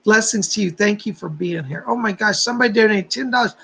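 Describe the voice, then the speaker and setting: A man's voice: high-pitched, fast, vocal fry, a bit bright, slightly rough, rough recording. A man hosting a psychic livestream who chats casually with viewers, greets them by name, leads a guided meditation and gives readings.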